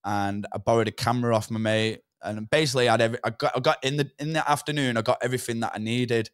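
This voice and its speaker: A man's voice: medium pitch, steady tone, fast, clean tone, no echo, clean studio sound. A young man telling a rambling story from his past, with swearing and lots of "do you know what I mean". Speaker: podcast guest. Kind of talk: casual storytelling.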